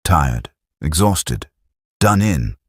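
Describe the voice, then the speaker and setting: A man's voice: very deep voice, big pitch swings, drawn-out words, slightly rough, dry recording, clean studio sound, heavily acted. A man voicing a practical British platoon sergeant with a thick Welsh accent, talking bluntly. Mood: brisk.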